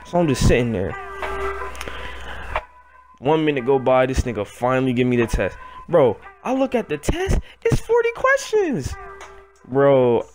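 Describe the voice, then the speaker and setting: Animated young man telling a story. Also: mid-range voice, normal speed, long pauses, music in the background. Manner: animated, profane, rambling retelling. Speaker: vlogger. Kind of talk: storytime vlog.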